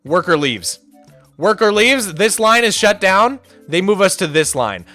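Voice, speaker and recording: Animated, ranting male streamer. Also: high-pitched, measured pace, soft background music. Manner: animated, ranting, sarcastic, swings to shouting. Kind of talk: casual storytelling on a livestream.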